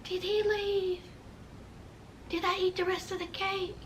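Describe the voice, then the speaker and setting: A woman voicing a spaced-out young woman who murmurs and trails off, very softly. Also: very high-pitched, flat delivery, unhurried. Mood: confused.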